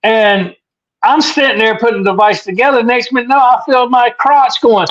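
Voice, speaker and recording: Brief: high-pitched male paranormal investigator, excitable storyteller, muffled lo-fi recording. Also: normal speed. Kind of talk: casual podcast chat. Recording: dull lo-fi sound.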